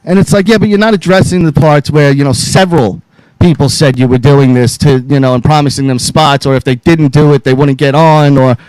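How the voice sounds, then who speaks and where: A podcast host rants angrily and swears constantly, all fired up and calling out to his co-hosts by name. His voice is on the high side, brisk and steady with a darkish tone, captured in a dry, low-quality recording.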